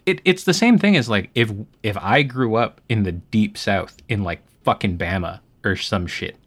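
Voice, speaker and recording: A man's voice: fairly low pitch, expressive, moderate pace, slightly rough. A man with a Midwestern American accent, co-hosting a podcast in casual chat, blunt and emphatic with heavy swearing. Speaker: podcast co-host.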